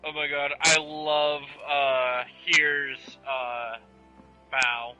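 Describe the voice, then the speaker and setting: A man's voice: a little high, flat delivery, very slow, bright, forceful tone, soft background music. A man chatting easygoing while playing a game with a friend. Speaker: co-player. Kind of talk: casual gameplay chat. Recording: dull lo-fi mic.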